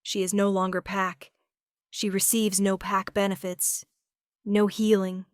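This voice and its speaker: A man's voice: high-pitched, flat delivery, unhurried, smooth, no room sound. Woman narrator doing ruthless male elder, clipped and cold, dry close sound.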